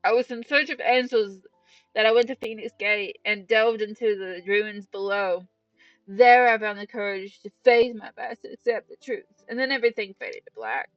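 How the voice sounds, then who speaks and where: A woman's voice: mid-range voice, moderate pace, dry recording, close to an everyday voice. A woman voicing a brooding, determined young male warrior, reading game dialogue earnestly into a headset mic. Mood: resolute. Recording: dull, distant, dry, game music behind.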